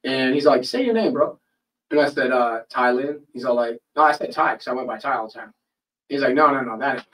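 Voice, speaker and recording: Here a fast-talking man with a mid-range voice hosts a podcast, telling an extended story in easygoing conversation. He swears without restraint and plays out the people he quotes. The low-quality recording puts him somewhat off-mic, at a distance.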